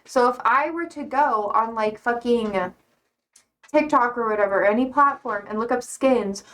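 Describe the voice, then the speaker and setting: A young American woman streaming, rambling casually with many fillers and swear words, jumping high in pitch when she quotes people. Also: moderate pace. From United States. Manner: animated, jumps high for quoted voices. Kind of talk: casual chat with chat readers.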